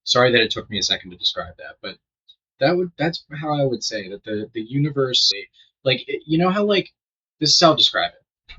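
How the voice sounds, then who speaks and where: A young man with an intensely bright, sharp-edged voice rambles through a story, swearing and losing his train of thought. The sound comes through a dull, lo-fi mic. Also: mid-range voice, big pitch swings, a little fast, husky. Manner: rambling, swearing, trailing off mid-sentence. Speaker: storytelling gamer. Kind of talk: casual storytime while playing a game.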